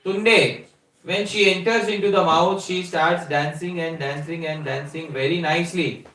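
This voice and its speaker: Male spiritual teacher, higher-pitched voice, explains and quizzes listeners, distant mic in a reverberant room. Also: fairly even intonation, measured pace, a bit bright. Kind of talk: scripture lecture.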